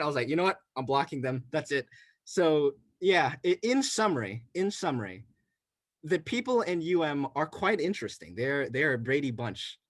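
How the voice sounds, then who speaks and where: A man's voice: fairly high pitch, very animated, normal speed, no room sound. A young man from New York City telling a rambling campus story in casual chat, with many restarts and "right?" tags. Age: young adult. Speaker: college student telling a story.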